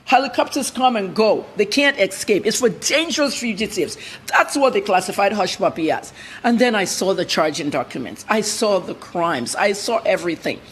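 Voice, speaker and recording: A woman's voice: mid-range voice, lively intonation, moderate pace, slight background noise. A middle-aged woman journalist answering interview questions bluntly and emphatically, jumping from point to point. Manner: blunt, emphatic, jumps between topics.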